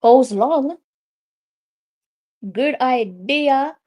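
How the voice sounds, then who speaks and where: A woman with a Jamaican accent hosting a live football watch-along, excitable and argumentative, often repeating her complaints at the officials. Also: high voice, very slow. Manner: excitable, argues with the referee, repeats herself.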